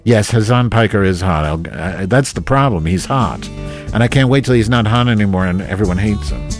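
A man streaming live, rambling and swearing as he reacts to his viewers, jumping between loud outbursts and low mutters. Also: fairly quick, soft background music. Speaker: livestreamer reading chat.

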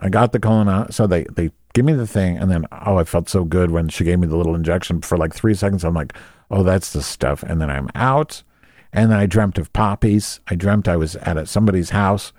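A man's voice: sits low, fairly quick, darkish tone, dry recording, studio quality. A man telling a rambling comic story, crude and sarcastic, often going off on tangents.

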